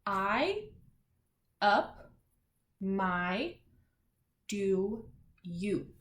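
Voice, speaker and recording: A woman teacher giving a children's word lesson, slowly spelling and reading words aloud and giving gentle drawing instructions. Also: mid-range voice, big pitch swings. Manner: slow, gentle classroom instruction with spelled-out letters. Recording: echoey room with faint noise.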